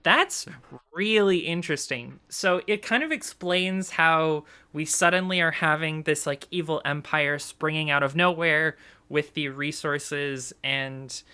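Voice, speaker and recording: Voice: mid-range voice, pushed and bright, clear, resonant tone. A video creator chatting casually through a game lore breakdown, speculating aloud with lots of filler words.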